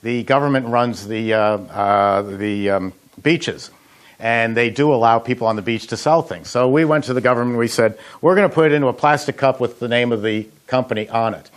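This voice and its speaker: In a kitchen, the head of an ice cream machine company, a middle-aged man, runs through frozen dessert recipes at a brisk clip in a medium-pitched voice. His delivery is chatty and folksy, full of anecdotes and "uh" fillers.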